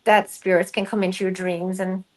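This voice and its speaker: Brief: middle-aged woman, guest medium, chatty storyteller who acts out quoted lines, mid pitch. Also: little pitch movement, normal speed, low-quality recording. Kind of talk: casual storytelling interview.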